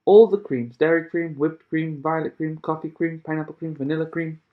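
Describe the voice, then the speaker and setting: A man voicing an eccentric, excitable male chocolate maker who exclaims and brushes off questions. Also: fairly high pitch, brisk, a little hiss or hum, close to an everyday voice. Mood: manic. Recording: tinny phone-like sound.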